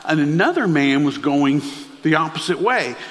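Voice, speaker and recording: A man's voice: fairly high pitch, animated, moderate pace, fairly bright tone, long reverb tail. A man preaching a sermon, telling stories and asking the congregation questions. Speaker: pastor.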